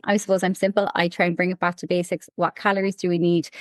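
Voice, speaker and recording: Doctor lady, lowish voice, explaining things steady, dry sound, lots of i suppose. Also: no echo. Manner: measured, fills with "I suppose". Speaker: doctor guest. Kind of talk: explanatory interview answer.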